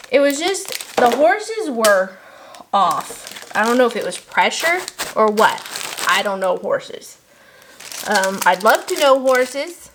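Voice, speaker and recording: A woman in her thirties packing shop orders while telling rambling stories and laughing often. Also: fairly high pitch. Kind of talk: chatty vlog while packing. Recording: noticeable background noise and crinkling packaging.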